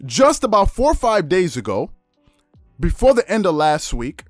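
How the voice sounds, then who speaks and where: A man hosting a sports commentary video, retelling a debate in an animated, quick way. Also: high-pitched, no echo, studio quality, faint music behind.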